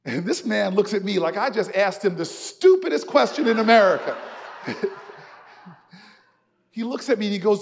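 A man delivers a keynote like a sermon, his very high voice carrying a gravelly edge. He moves from storytelling to rousing, shouted repetitions, and his words ring out through a long, echoing church hall. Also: lively intonation, normal speed, long pauses. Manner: storytelling that builds to shouted, rhythmic refrains. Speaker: keynote speaker. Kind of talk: preacher-style keynote speech.

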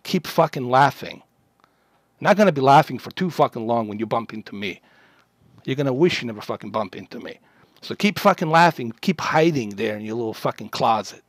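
A man's voice: medium pitch, expressive, fairly quick, no echo. A man from Bosnia, a livestreamer, delivering an aggressive, profane rant at a chat troll.

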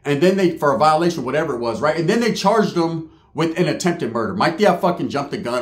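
A streetwise middle-aged man rambling through a story, salty and loose, dropping Spanish slang as he goes. His voice sits a touch high, and the room around him echoes. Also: animated, quick pace, hardly any pauses. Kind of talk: casual storytelling monologue.

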